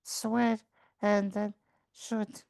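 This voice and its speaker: A young adult woman playing a tabletop game, speaking haltingly and searching for English words. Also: mid-range voice, flat delivery, vocal fry, darkish tone, no room sound. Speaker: player. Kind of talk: casual game chat.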